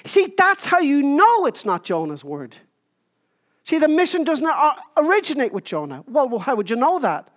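A woman preaching a sermon, emphatic, with short repeated phrases and pauses. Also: sing-song. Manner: jokes about squeaking into a higher voice.

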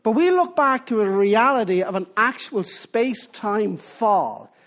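A lively, animated preacher delivers a sermon. The voice rises and falls freely, and the speaker presses each point emphatically, often breaking off and restarting mid-phrase. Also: mid-range voice, unhurried. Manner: animated, asks the listeners rhetorical questions.

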